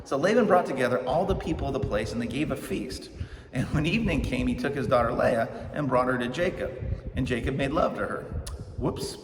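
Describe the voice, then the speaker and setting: A middle-aged male pastor tells a scripture story with an easy, joking conversational delivery. He is heard from a distance in a church hall with a long echo. Steady background noise sits under his voice. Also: medium pitch, fairly quick. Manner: joking, conversational, acts out characters' lines. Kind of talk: casual storytelling sermon. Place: church sanctuary.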